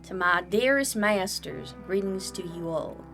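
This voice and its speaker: A woman reading a flowery letter aloud in a slow, exaggerated, pompous voice for a male game character. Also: lowish voice, animated, creaky, fairly bright tone, soft background music, exaggerated voice.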